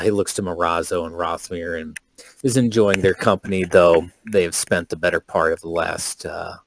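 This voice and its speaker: Deep-voiced male tabletop player. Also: gravelly. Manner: relaxed, with fillers. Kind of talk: describing his character in a tabletop game.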